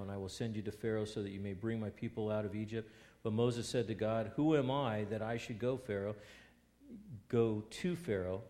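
Here a preacher with a fairly low voice reads scripture aloud during his sermon. He asks his listeners rhetorical questions, moving back and forth between booming emphasis and hushed asides.

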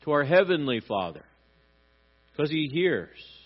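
A man preaching a sermon, animated, acting out short voices as he tells his points. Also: fairly high pitch, unhurried, husky, dull audio. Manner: animated, acts out little voices for God and parents. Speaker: pastor.

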